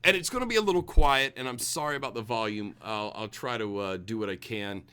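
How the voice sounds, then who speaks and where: A man co-hosting a casual drinking podcast chat, animated and laughing, slipping into mocking impressions. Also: medium pitch, brisk, clear, resonant tone. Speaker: podcast co-host.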